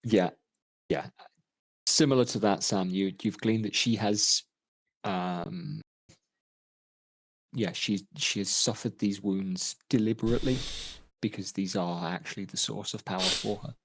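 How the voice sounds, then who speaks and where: A man running a tabletop role-playing game, narrating in a measured, thoughtful way with frequent ums. His lowish voice moves along unhurriedly. The recording is dry and close. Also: steady tone, no room sound. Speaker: game master.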